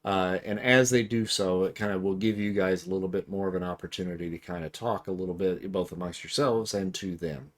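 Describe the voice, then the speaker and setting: A man narrating as game master of a tabletop game, easygoing and relaxed, with frequent "uh"s. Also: low voice, brisk, few pauses. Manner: easygoing, many fillers, laughs along.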